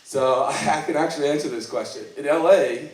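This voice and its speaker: An Icelandic stand-up comic at an open mic rambles through self-deprecating stories, doing the voices of the people in them. His voice is fairly high, fairly quick and a little mellow, picked up from a distance in an echoey room with audience laughter.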